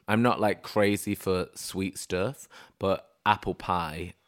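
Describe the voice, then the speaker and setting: A young man in casual podcast chat who tells lively anecdotes and acts out the voices of the people in them. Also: low voice, slow. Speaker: guest.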